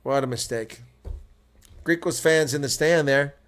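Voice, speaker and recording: An American man hosts live reaction play-by-play commentary, chatting with viewers and breaking into loud shouts at big plays. His voice sits a little high, and he keeps a measured pace.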